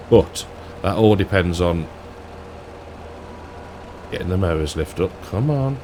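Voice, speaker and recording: A man's voice: low voice, a little hiss or hum. A man giving casual, rambling commentary over a farming game, thinking aloud and chuckling now and then. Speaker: gaming YouTuber.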